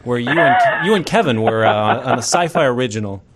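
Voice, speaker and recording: A man who works as an executive producer, speaking eagerly and with excitement. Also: medium pitch, brisk, heavy background noise.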